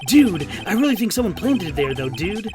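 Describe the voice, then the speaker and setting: A man's voice: high-pitched, big pitch swings, brisk, over music. A man voicing a laid-back young male actor in a video game, in a slacker drawl.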